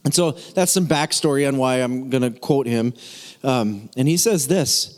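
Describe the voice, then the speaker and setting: A man's voice: medium pitch, normal speed, big-room sound. A middle-aged man preaching a sermon as pastor, talking in a conversational way with joking asides and frequent restarts.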